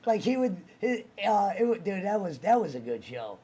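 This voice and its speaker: A man hosting a stream, telling animated stories in casual chat and swearing freely. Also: high-pitched, moderate pace. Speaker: streamer host.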